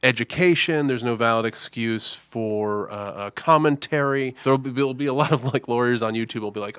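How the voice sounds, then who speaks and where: A man's voice: medium pitch, brisk, hardly any pauses, a bit bright, smooth, no echo. A man hosting a guitar reaction channel, talking in a chatty, wry way with self-mocking asides. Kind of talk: casual reaction-video commentary.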